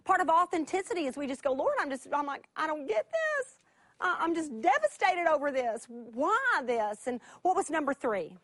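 High, animated woman Bible teacher; dry, close sound. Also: moderate pace, dry recording. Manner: animated, laughing storyteller. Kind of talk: teaching sermon.

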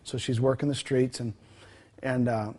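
A man with a husky voice at an ordinary middle pitch, telling a story as a guest. He talks in a conversational, animated way, acting out the dialogue with plenty of fillers and restarts. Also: moderate pace. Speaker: guest telling a ministry testimony.

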